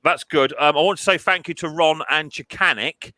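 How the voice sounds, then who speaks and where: Bright-voiced man hosting a stream. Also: a little high, normal speed, no echo, rough recording. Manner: chatty, stammers and repeats words. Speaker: live stream host. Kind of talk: casual live stream chat.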